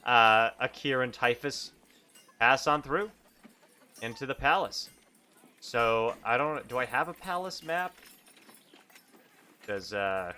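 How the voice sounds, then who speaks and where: A man's voice: mid-range voice, pushed and bright, a little hiss or hum. A man narrating a solo tabletop game on stream, thinking aloud and chatting in a self-amused way. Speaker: solo game master and player.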